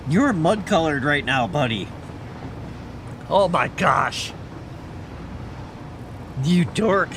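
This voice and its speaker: Lively man chatting on a game stream. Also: a little high, extremely slow, background noise. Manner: chatty, coos and baby-talks to his cat. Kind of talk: casual game stream chat. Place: home, indoors.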